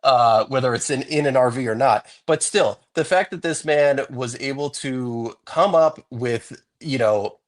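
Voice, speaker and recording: Man, mid-pitched voice, measured, thoughtful, long winding points. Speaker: co-host. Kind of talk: casual chat.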